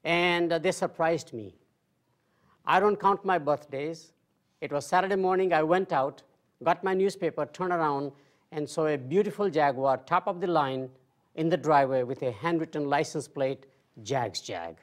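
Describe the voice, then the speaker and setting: A man in his sixties gives a marketing lecture in an informal, highly conversational way. He mixes dry self-deprecating jokes into his points and talks to the audience like a friendly teacher. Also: normal speed. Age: 60s. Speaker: marketing professor.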